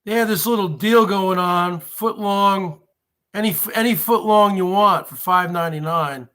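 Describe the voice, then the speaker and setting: Man in his forties hosting a stream rant, sarcastic, high bright voice, unhurried. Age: 40s. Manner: sarcastic, emphatic, repeats himself. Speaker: show host. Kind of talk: casual livestream rant.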